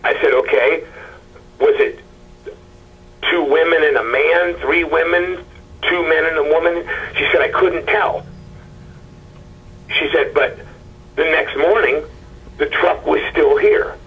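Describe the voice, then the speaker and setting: Husky man, halting. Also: fairly high pitch, narrow, tinny audio. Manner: halting, stammering retelling with quoted dialogue. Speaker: husband of a missing woman, interview guest. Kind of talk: emotional personal account.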